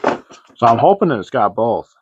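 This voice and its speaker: A very animated man with a mid-range voice and moderate pace hosts a casual model-kit show-and-tell for his hobby channel, with background noise audible. He rambles hesitantly through many fillers and restarts, and the sound is dry, slightly dull and lo-fi.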